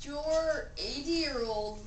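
A woman doing an impression of a famous talk show host as a guest in a home video skit, talking in a rambling, halting way. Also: high voice, echoey room, recorded from a distance, a little hiss or hum. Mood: chatty.

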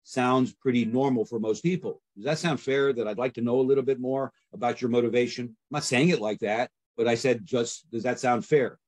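A man with a husky voice and a middle pitch coaching listeners on sales calls. He talks casually and often plays out both sides of a phone conversation. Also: a little fast, hardly any pauses, darkish tone. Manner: conversational, acts out sales calls with repeated fillers. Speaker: real estate sales coach. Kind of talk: instructional talk.

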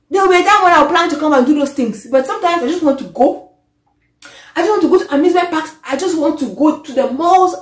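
High-voiced woman ranting. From Africa. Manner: animated and exasperated, often trailing off. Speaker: vlogger. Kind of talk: opinion rant to camera. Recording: echoey room.

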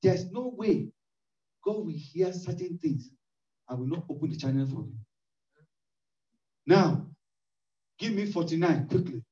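A man's voice: a little high, expressive, a little slow, long pauses, mellow. A man preaching a sermon in an emphatic, repetitive style, his voice rising into cries. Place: church hall. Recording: echoey distant lo-fi church recording.

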